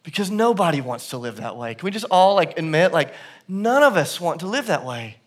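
A male pastor preaching a sermon in a church service, telling stories that swing from hushed to loud and emphatic. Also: on the high side, sing-song, fairly quick.

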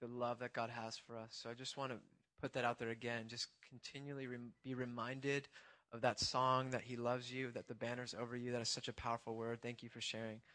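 A man's voice: medium pitch, completely flat delivery, a little fast, pushed and bright. A man leading a church gathering, thanking speakers and encouraging the congregation. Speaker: worship leader.

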